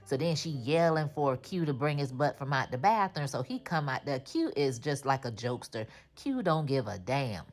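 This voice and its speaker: A woman giving a casual, animated recap of a TV episode, full of slang and her own commentary. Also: a bass voice, moderate pace, few pauses. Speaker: TV recap host.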